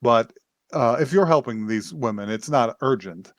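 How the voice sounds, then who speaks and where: A man voicing a calm, polite young customer in a soft, courteous tone. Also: mid-range voice, normal speed, no echo, clean studio sound, natural voice. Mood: gentle.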